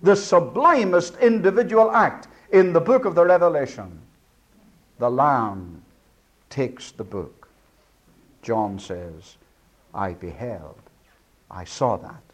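A man preaching an expository sermon, breaking down words slowly and swinging from booming to hushed. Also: lo-fi sound.

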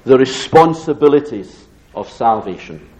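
A man preaching an expository sermon, reading scripture aloud and slowing down to stress key phrases. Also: medium pitch, expressive, darkish tone, poor audio. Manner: reads scripture aloud in raised tone.

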